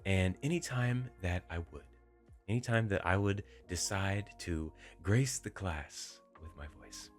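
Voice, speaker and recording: Gentle, deep-voiced young man. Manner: gentle, inviting and emotive, with deliberate pauses. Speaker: voice-focused video creator. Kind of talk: reflective talk to camera. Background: faint background music.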